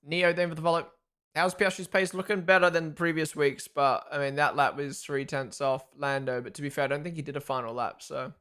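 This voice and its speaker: Man, live watchalong streamer, excitable reactions, chatty, reads chat aloud. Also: fairly high pitch, fairly quick, clear, resonant tone. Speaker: streamer hosting a race watchalong.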